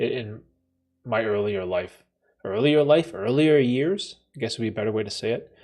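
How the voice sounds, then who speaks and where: A man's voice: lowish voice, darkish tone. Laid-back slangy male livestream host. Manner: laid-back slangy banter, frequent laughter. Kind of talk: casual livestream Q&A, reading chat aloud.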